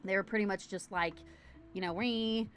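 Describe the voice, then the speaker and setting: A woman's voice: mid-range voice, steady tone, normal speed, a bit bright, faint music behind. A woman hosting a casual livestream from home, chatting in a bubbly, rambling way straight to her camera. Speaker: livestream host. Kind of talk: casual live-stream chat.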